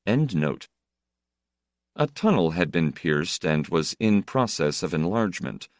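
Male storyteller, deep tone, varied melody, measured delivery. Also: very animated, no room sound, clean studio sound. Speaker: narrator. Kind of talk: scripted narration.

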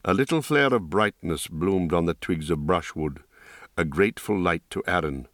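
A man narrating a fantasy audiobook in calm, steady scripted storytelling. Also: low voice, moderate pace, no room sound, studio quality.

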